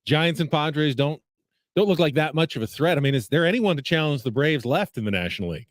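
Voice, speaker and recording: A man's voice: a little high, lively intonation, a little fast, no room sound. A man hosting a sports radio show, leading the conversation and reading a sponsor spot. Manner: conversational, reads ad copy smoothly. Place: radio studio.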